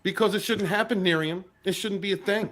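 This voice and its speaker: A man hosting a casual online panel chat, joking and animated, often talking over the others. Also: high-pitched, brisk. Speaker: host.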